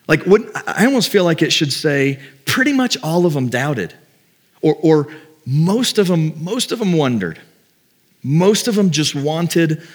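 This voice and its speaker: A middle-aged man preaches a sermon as pastor in a fairly high, husky voice. He keeps it conversational and acts out doubts using quoted voices.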